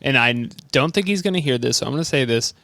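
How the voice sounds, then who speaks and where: A man's voice: medium pitch, lively intonation, fast, vocal fry, pushed and bright. A male podcast host telling a rambling comic story and acting out other people's lines, laughing often. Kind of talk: comedic storytelling chat.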